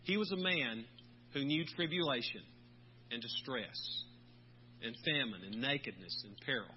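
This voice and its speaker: Man preaching in a measured, deliberate way. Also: medium pitch, animated. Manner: measured preaching, slowing on key words. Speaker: pastor. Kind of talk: sermon. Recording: dull lo-fi recording with faint hum.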